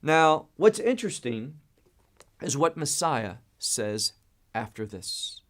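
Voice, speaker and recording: Expressive man teaching a Bible study. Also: a little high, slow. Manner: expressive, emphatic, stresses key words; repeats and restarts words.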